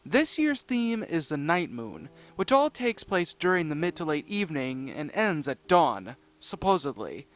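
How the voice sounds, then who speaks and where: A man voicing an excitable young male kangaroo cartoon character, bubbly and eager. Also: on the high side. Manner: eager, bubbly, talks in quick bursts.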